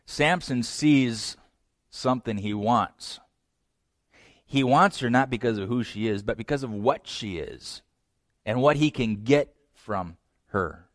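A man preaching a sermon, retelling a scripture story with lively acted-out lines and direct asides to his listeners. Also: medium pitch, slow, no echo, clean studio sound. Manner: animated storytelling, acts out voices; direct address to young men. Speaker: pastor.

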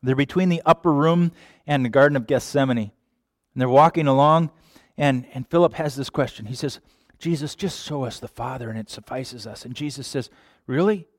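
A man preaching a sermon, animated, sometimes acting out quoted voices. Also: mid-range voice, moderate pace, dry recording, studio quality. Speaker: pastor.

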